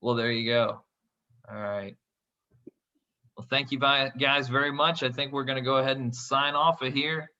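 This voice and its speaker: A man's voice: mid-range voice, steady tone, normal speed, pauses often, sharp tone, lo-fi sound. A man hosting a podcast, chatting casually about economics in a friendly way with frequent restarts. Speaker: podcast host.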